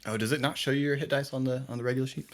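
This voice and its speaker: A man narrating a tabletop game as game master, halting and full of fillers as he describes the scene. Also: medium pitch, fairly even intonation.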